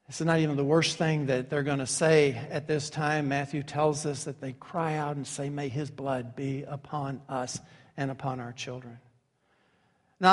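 A man preaching a sermon as pastor, dramatic and emphatic, dropping to hushed asides and acting out quoted figures with sarcasm. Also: fairly high pitch. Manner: acts out quoted figures with sarcastic mock voices. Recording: long hall reverb.

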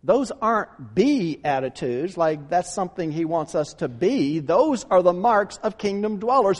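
A man's voice: high-pitched, animated, a little slow, few pauses, in a large hall. A male pastor preaching a sermon with emphasis, repeating key phrases and firing off rhetorical questions.

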